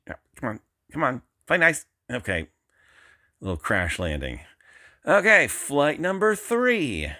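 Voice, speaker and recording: A man's voice: mid-range voice, fairly bright tone. A man giving live, frustrated self-talk as he flies a drone, exclaiming often. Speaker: drone hobbyist vlogger. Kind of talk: live commentary while flying.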